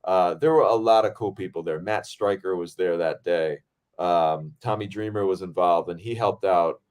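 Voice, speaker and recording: A man hosting a podcast, telling a set story in a casual, excitable way and swearing freely. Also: sits low, normal speed, clear, resonant tone. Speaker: podcast host and film director.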